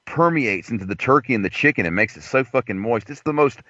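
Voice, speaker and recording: A man hosting a call-in show, telling stories in a crude, excitable way. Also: medium pitch, fast, no room sound, highs cut off. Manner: crude, excitable, laughing storyteller. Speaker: host. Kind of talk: casual chat.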